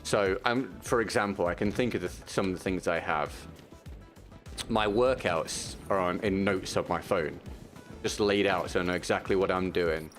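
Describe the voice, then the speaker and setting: A man with a low voice chats casually and supportively to his viewers while he plays, often restarting his sentences. Faint game music sits behind him. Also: normal speed. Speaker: streamer. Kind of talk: casual chat while playing.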